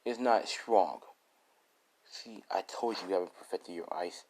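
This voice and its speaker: A stern ancient ice warrior who speaks low and hushed, as if through a mask, as a man puts him on. He lectures coolly and bluntly, a gruff mentor in a homemade spoken fan story. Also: a little slow, background noise.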